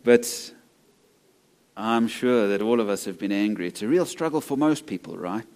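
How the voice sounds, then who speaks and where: A man's voice: on the low side, expressive, moderate pace, a little mellow. A male pastor preaching a sermon in an empty church, conversational and laced with jokes and anecdotes.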